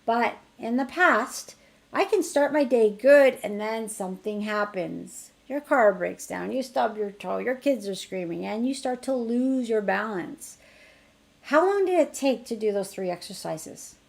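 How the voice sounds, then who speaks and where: A middle-aged woman teaching an energy healing technique in a chatty online class, her voice rising brightly when she acts out what she tells others. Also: on the high side, lively intonation, measured pace, vocal fry. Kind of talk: casual online teaching demonstration.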